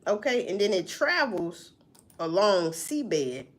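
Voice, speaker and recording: Animated, foul-mouthed woman vlogger. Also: mid-range voice, slow pace. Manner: profane, animated, talks back to herself. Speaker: vlogger reacting to news. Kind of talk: casual news commentary.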